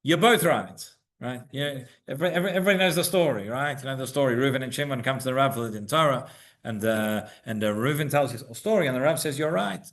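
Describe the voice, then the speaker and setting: A man's voice: medium pitch, fast, a bit bright. Man giving a Torah lesson. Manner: asks rhetorical questions and checks in with "right?"; repeats words as he builds a point. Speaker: rabbi teaching the weekly Torah portion. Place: synagogue.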